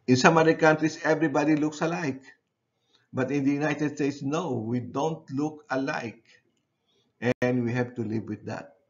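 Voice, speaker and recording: A man giving a university lecture. He speaks haltingly, often repeats phrases and checks in with his class using "okay". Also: mid-range voice, dull audio.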